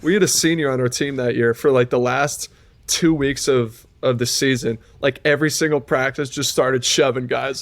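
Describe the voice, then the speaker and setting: A man's voice: medium pitch, steady tone, a little fast, no room sound. A man co-hosting a podcast, telling a story in a rambling way, full of fillers and restarts. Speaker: podcast co-host. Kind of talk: casual chat.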